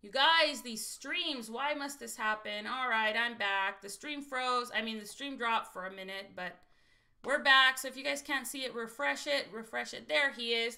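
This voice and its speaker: High, bright, excitable woman streamer. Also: vocal fry. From Texas. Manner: chatty and excitable, keeps saying "you guys". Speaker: lottery scratch-off livestream host. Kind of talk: casual livestream chat to viewers.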